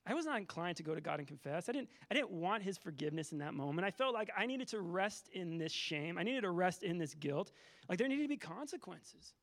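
A man's voice: sits high, animated, fast, few pauses, a bit bright. A man in his thirties giving a sermon, telling a candid personal story with many restarts and fillers. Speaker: teacher giving a church teaching.

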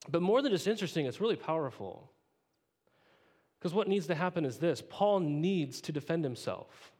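A male pastor teaching a sermon in a casual, animated way, tossing rhetorical questions to the congregation and adding playful asides. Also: on the high side. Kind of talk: conversational sermon.

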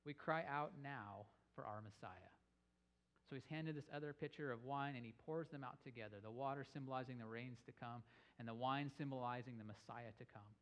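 Man teaching a sermon with animated storytelling. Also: mid-range voice, fairly quick. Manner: animated storytelling, rising with emphasis. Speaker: pastor.

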